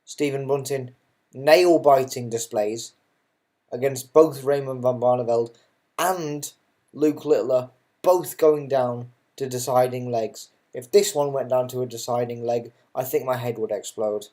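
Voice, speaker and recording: A man's voice: mid-range voice, fairly even intonation, measured pace, dark tone. A man giving casual, unscripted darts commentary, chatty and self-mocking, who swears freely and drifts into ranting asides.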